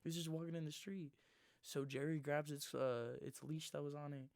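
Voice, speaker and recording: A man in his twenties telling a rambling, slangy story in his own words, sometimes dropping into a hushed near-whisper. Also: on the high side, fairly even intonation, normal speed, gravelly, no room sound, studio quality. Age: 20s. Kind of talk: casual first-person storytelling.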